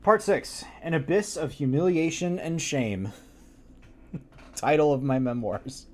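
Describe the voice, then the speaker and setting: A man reading a gothic story aloud on a live stream, breaking off for animated, joking asides. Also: fairly high pitch, unhurried.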